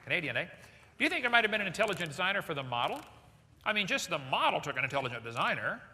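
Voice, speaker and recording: Animated high-voiced man lecturing in a hall. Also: rapid-fire, slight background noise. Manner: animated, asks the audience questions. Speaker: creationist speaker. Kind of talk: lively seminar lecture. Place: large hall with audience. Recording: echoey hall recording.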